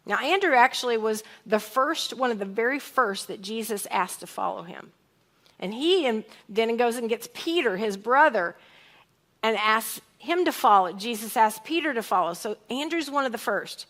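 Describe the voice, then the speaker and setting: A woman's voice: on the high side, animated, normal speed, a bit bright. A woman pastor giving a sermon, reading scripture aloud and acting out lines in different tones. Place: church sanctuary.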